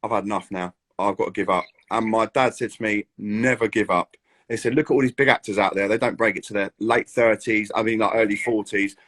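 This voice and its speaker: A British man in his thirties chatting as an actor guest in an interview, animated and full of acted-out quotes. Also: on the low side, brisk. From Britain. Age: 30s. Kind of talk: casual interview chat.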